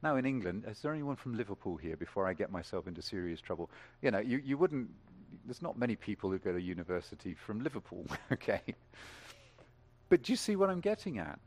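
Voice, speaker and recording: A fast-talking man with a lowish voice gives a sermon, speaking in a lively way to the congregation. He asks the room questions and builds toward emphatic peaks.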